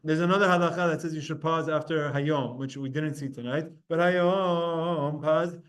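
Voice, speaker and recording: A man teaching an informal study class, explaining pronunciation casually and chanting verses slowly. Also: fairly high pitch, steady tone. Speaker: Torah teacher.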